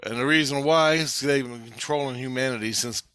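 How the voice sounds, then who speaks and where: Rambling, swearing man with a bright voice. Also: mid-range voice, a little fast, smooth, no room sound, studio quality. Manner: rambling, profane storytelling with quoted asides. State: half awake. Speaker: video maker. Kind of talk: casual chat.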